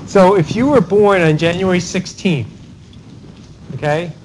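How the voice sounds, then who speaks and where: A male professor with a high voice leads a university classroom lecture in Socratic fashion. He fires questions at students, names them, and keeps tacking on "right?" as he drives the point home. A faint hiss sits under the recording. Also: darkish tone, rough recording. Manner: rapid cold-calling of students, tag questions like "right?". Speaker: law professor.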